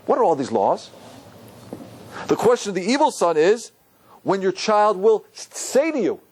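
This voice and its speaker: A man teaching a Torah class as a rabbi, quizzing his students and quoting Hebrew verses. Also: high-pitched.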